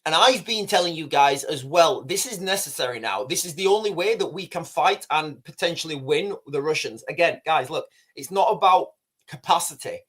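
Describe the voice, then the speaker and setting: A man's voice: a little high, lively intonation, normal speed, fairly bright tone, slightly rough. A man hosting a casual livestream, rambling, repeating himself and talking straight to his chat. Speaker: livestream host.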